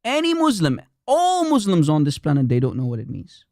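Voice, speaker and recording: A man's voice: fairly high pitch, huge pitch swings, brisk, a little mellow, no room sound, studio quality. Combative man hosting a live stream. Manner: combative, repetitive, challenging. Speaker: livestream host. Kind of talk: heated live-stream polemic.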